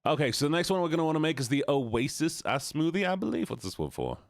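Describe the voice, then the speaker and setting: A man's voice: on the high side, big pitch swings, fast talker, vocal fry, no room sound, studio quality. A man with a Georgian Southern accent, chatting casually with his chat and a co-player while streaming a game. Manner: laid-back, chatty, laughs often, talks to chat.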